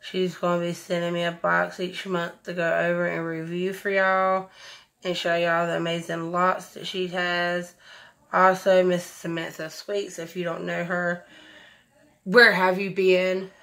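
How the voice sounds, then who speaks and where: A woman's voice: lowish voice, completely flat delivery, unhurried, fairly bright tone. A woman, chatting effusively through a makeup tutorial, recorded at home on a camera mic. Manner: chatty, effusive, says y'all a lot. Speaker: beauty vlogger. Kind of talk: casual makeup tutorial chat.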